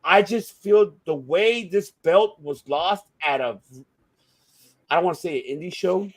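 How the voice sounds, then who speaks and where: Male podcast co-host, slightly high voice, heated profane rants, loudness swinging up and down. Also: measured pace. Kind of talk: casual wrestling debate.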